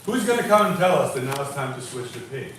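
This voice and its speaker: A man telling a story in a casual livestream chat, animated and laughing as he goes. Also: medium pitch, fast talker. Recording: echoey room, far from mic, noisy.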